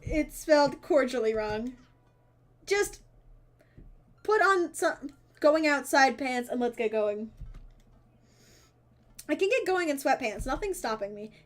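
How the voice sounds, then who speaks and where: High-voiced lady streamer reading a dating game out loud, giggly, doing dumb voices. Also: lively intonation, slow, pauses often. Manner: giggly, playful, switches into put-on character voices.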